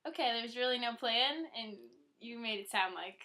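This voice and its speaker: A young woman tells her side of the story to the camera in a chatty, laughing way and keeps teasing the man beside her. Her voice is bright and forceful and sits slightly high, and she rambles along with lots of casual fillers. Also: expressive, moderate pace. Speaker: vlogger telling her side of the engagement story.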